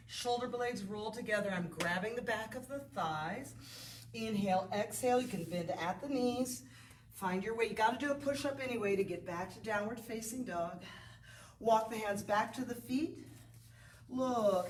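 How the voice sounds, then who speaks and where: A medium-pitched female instructor encourages a beginner yoga class, chatting as she gives breath cues. The mic sits at a distance, so the audio is roomy, with faint ambience and slight background noise.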